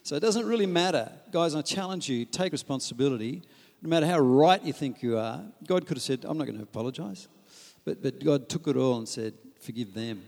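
A man's voice: mid-range voice, fairly quick. Man preaching in an echoing hall. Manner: animated, humorous preaching with quoted asides. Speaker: pastor. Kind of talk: sermon on marriage.

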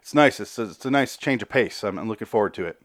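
A podcast host with a lowish male voice and lively intonation talks fast, casually recapping and reviewing a TV episode. He sounds out of breath, swears, rambles, and repeats words when he restarts. The recording is clean studio sound with no room sound.

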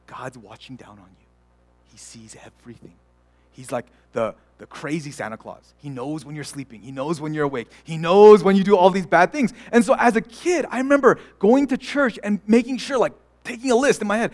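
High-voiced young pastor, chatty sermon. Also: male voice, sing-song, moderate pace. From United States. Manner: conversational storytelling with many fillers and restarts.

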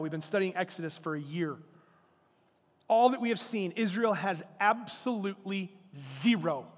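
High-voiced pastor preaching in a reverberant hall. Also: male voice. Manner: animated preaching with acted-out quotes. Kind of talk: sermon. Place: church sanctuary.

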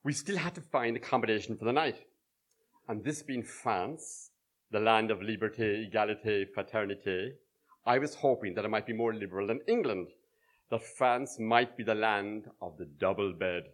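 Before an audience in a small live venue, a middle-aged man tells a true story from his own life with dry, wry humour. His voice sits on the low side and moves at a normal speed.

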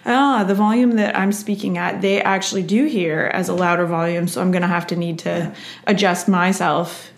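A woman's voice: lowish voice, steady tone, normal speed. Earnest mother sharing parenting experience. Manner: earnest, acts out quotes. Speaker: guest parent. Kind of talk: casual parenting discussion.

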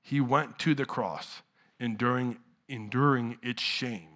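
A middle-aged pastor preaches to his church conversationally and at a slow pace, sinking to hushed lows and climbing to loud outbursts.

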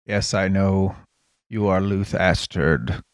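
A man voicing a composed, evasive male leader of a secret order in a tabletop game, in a smooth, guarded way. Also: deep voice, takes it slowly, dry recording.

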